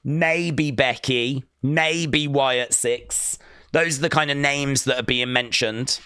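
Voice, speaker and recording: A man hosting a live watch-along stream, chatting casually and jokily, reading out chat and breaking into sudden excited shouts. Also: mid-range voice, slow, clean tone, dry recording. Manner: excitable, jokey, with sudden loud outbursts.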